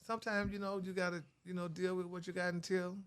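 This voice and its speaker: A sassy middle-aged man tells his story in a casual interview. His voice is bright and a little high for a man, and he sprinkles honey through every sentence. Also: flat delivery, quick pace, smooth. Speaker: radio personality guest.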